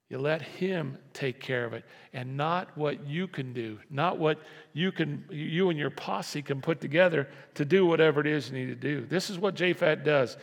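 Preaching man, high voice, gravelly edge, emphatic, repeats key lines, reverberant church hall. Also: normal speed, few pauses. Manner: emphatic, repeats lines, asks congregation to respond. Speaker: pastor. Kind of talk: sermon. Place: church sanctuary.

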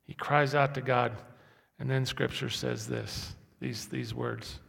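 Gravelly pastor preaching in a reverberant hall. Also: male voice, mid-range voice, fairly even intonation, takes it slowly. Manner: builds from quiet talk to loud emphatic repetition. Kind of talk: sermon. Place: church hall. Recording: echoey hall, long reverb.

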